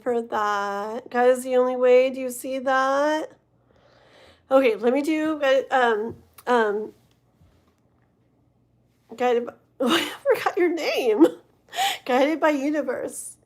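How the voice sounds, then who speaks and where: A young woman on a late-night tarot livestream, sounding tired as she rambles and giggles with her viewers. Her voice sits a little higher than most women's, and she drifts loosely from one thought to the next. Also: lively intonation, takes it slowly, pauses often. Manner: rambling, giggly, talks to chat. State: tired, yawning. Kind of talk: casual livestream chat.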